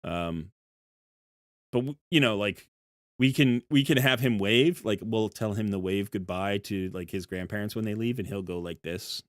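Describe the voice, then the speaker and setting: A man's voice: lowish voice, moderate pace, no echo, clean studio sound. A man streaming live, chatting casually with his viewers in a rambling way, with many restarts and fillers. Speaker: streamer talking to chat.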